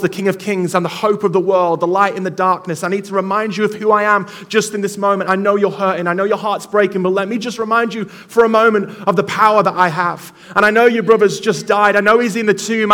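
A preacher voicing a calm, authoritative man. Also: high-pitched. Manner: earnest, reassuring, repetitive phrasing. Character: calm authoritative man reassuring a grieving friend.

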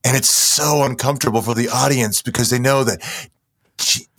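A man's voice: mid-range voice, steady tone, normal speed, fairly bright tone, slightly rough. A man telling an improvised comic story, rambling and playfully conspiratorial, often stopping and restarting mid-sentence.

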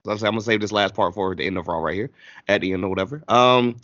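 A man's voice: on the low side, fast talker, fairly bright tone, no echo. Laid-back slangy man recapping wrestling. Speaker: podcast host. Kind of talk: casual wrestling recap chat. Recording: dull lo-fi dry sound.

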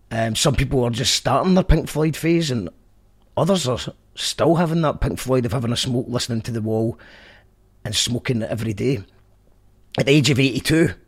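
A man's voice: mid-range voice, slightly rough. A Scottish man hosting a podcast, chatting casually in a rambling, jokey way. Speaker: podcast host. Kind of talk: casual monologue recap.

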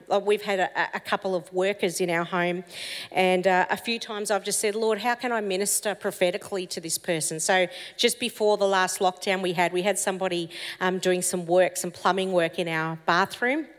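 A woman of Italian heritage preaching a sermon, telling stories in an animated, expressive way. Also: medium pitch, moderate pace. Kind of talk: storytelling sermon. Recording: long hall reverb.

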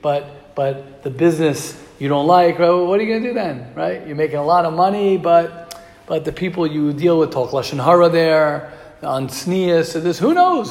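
Man, Torah teacher, emphatic, repeats himself, slightly high voice, echoey room. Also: darkish tone. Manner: emphatic, repeats key phrases, mixes in Hebrew and Yiddish terms. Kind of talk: Torah class lecture to young students. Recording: echoey hall.

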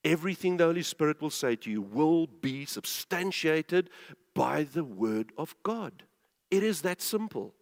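High-voiced man preaching in a reverberant hall. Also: animated, a little slow, vocal fry. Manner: emphatic, asks the listeners rhetorical questions; urges listeners to pay attention, repeating himself. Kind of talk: sermon. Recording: long reverb of a large hall.

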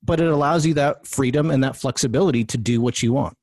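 A man hosts a relaxed talk show conversation at a mid-range pitch. He thinks out loud, restarts phrases and keeps asking his guest whether he agrees. The sound is dry and close, with no room echo. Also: quick pace. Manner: conversational, self-correcting, asks for agreement. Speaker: podcast host. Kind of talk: casual political discussion.

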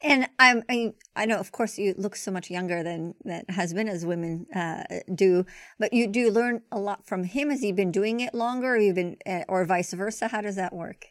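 A woman hosting an interview, eager and asking questions with halting restarts. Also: mid-range voice, no echo, clean studio sound. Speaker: interviewer, host. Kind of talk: interview conversation.

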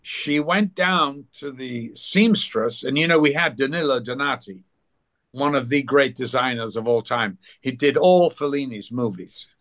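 An older man, an actor being interviewed, telling anecdotes at an unhurried pace and briefly acting out other people's voices. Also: medium pitch, a bit bright. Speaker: actor guest. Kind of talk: anecdotal storytelling.

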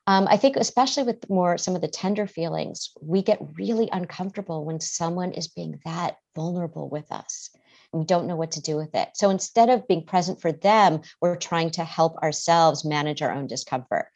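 Woman, therapist, calm explanatory podcast talk, lowish voice, dull lo-fi sound. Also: moderate pace, creaky. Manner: calm, explanatory, acts out quoted speech. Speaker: therapist, guest. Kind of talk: podcast interview.

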